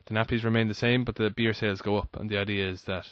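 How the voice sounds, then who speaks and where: A man's voice: on the low side, fairly even intonation, smooth, no room sound. A man in a casual podcast chat who talks a lot and asks questions. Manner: chatty, quick, asks questions. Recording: dull, dry sound.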